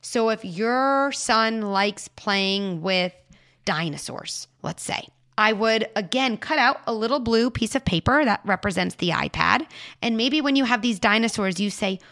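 Woman answering a caller w parenting tips, kinda high voice, crisp bright tone, slips into hushed bits. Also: lively intonation, normal speed. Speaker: parenting advice host. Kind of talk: advice talk answering a caller.

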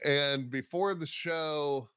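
A man's voice: on the high side, takes it slowly, smooth, no room sound. Dry-sounding man telling comedy stories. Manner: animated, acts out quoted voices, swears casually. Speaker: stand-up comedian guest. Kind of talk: casual interview storytelling.

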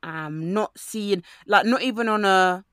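A woman co-hosting a podcast in casual chat, talking in an animated way and mimicking the people she quotes. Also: medium pitch, unhurried, no echo, clean studio sound.

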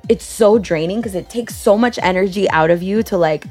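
A woman co-hosting a podcast, chatting in a relaxed, conversational way. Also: medium pitch, fairly quick, soft background music. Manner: relaxed, conversational, uses many fillers. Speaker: podcast co-host. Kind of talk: casual podcast chat.

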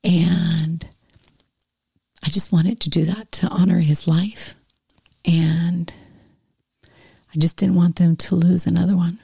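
Middle-aged woman guest, soft and slow, husky and dark, dry close mic. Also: on the low side, flat delivery, dry recording. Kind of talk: heartfelt conversation.

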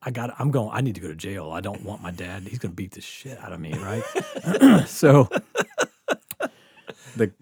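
A man's voice: lowish voice, moderate pace, vocal fry, pauses often, slightly rough, no echo. A man telling a wild story in casual chat, swearing freely, laughing along and acting out the voices of the people he quotes. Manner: profane, animated storytelling with frequent laughter. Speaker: storyteller guest.

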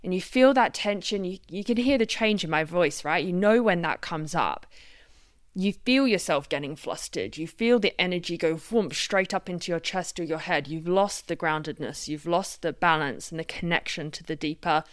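A woman hosting a solo self-help podcast, reflective and gently guiding, sharing personal stories. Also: lowish voice, lively intonation, moderate pace, no room sound, clean studio sound. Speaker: podcast host.

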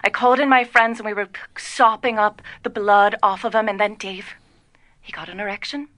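A woman's voice: mid-range voice, steady tone, brisk, bright, forceful tone, no room sound, lightly acted. A woman playing an earnest, worried social worker. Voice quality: earnest, pitying, breathless storytelling. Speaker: caller. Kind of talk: improvised comedy sketch.

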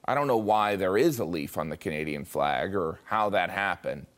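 An American man giving scripted comic commentary, wry and deadpan, with mock-voiced asides. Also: on the low side, moderate pace. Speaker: comedy commentator.

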